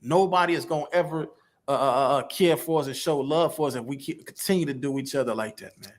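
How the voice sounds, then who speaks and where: Regular pitched guy in an interview, earnest and pleading. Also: fast.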